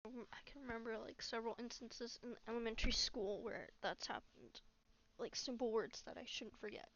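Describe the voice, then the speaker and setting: A young woman venting in a casual, rambling monologue, halting often, swearing a lot and dropping to a near whisper. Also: a little high, a bit bright. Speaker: vlogger. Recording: dull lo-fi recording.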